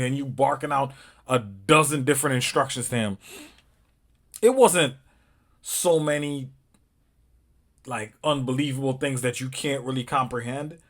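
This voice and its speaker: Angry husky man ranting. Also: medium pitch, fairly bright tone. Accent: African American English. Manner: angry, swearing, emphatic, rising to outbursts. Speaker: commentator reacting to a video. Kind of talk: heated casual reaction commentary.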